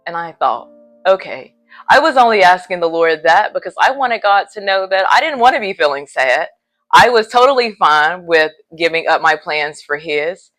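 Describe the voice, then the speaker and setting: Low-voiced woman preacher, earnest vlog. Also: expressive, normal speed, a bit bright, faint music behind. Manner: earnest, faith-filled retelling. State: a little sleepy. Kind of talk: casual vlog storytelling. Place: hotel room.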